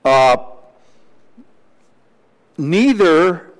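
A male pastor preaching a Sunday morning sermon in a measured, teacherly way, with small asides to the congregation. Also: fairly high pitch, animated, big-room sound, low-quality recording.

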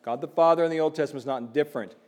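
A man's voice: on the high side, racing, darkish tone. Man preaching a conversational sermon. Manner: conversational preaching with asides and quips; builds to emphatic warnings. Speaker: pastor.

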